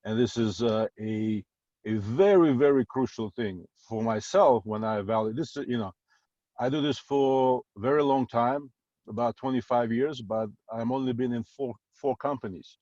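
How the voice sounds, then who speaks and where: A man's voice: medium pitch, moderate pace, mellow, no room sound. A middle-aged man from Uzbekistan, a guest on a video call, speaking plainly with slightly non-native phrasing. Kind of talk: casual talk on a call. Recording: dry, dull lo-fi call audio.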